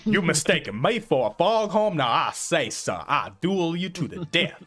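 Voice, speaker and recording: Pompous cartoon rooster, booming and repetitive, as a man puts it on at the game table. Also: big pitch swings, moderate pace, fairly bright tone. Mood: blustering. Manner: blustering, repetitive.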